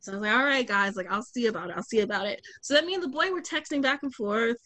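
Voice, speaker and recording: A woman in her twenties, a podcast guest, telling a story in casual chat, animated and slangy, acting out the voices she quotes. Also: a little high, fast talker, dry recording.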